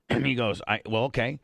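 A man's voice: mid-range voice, vocal fry, fairly bright tone, no room sound. Male host, crude rambling storyteller, dry close-miked voice. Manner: crude, rambling, many restarts. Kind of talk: casual chat, storytelling.

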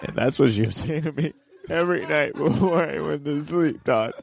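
A man's voice: a little high, normal speed, creaky. A man on a comedy podcast, riffing goofy bits and switching into character voices. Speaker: comedian guest.

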